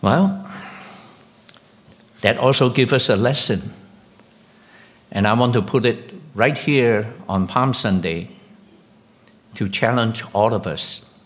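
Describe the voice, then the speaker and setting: Slow-speaking pastor preaching a sermon. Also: male voice. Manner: slow, halting delivery with questions to the congregation; rises sharply in pitch and volume when emphatic.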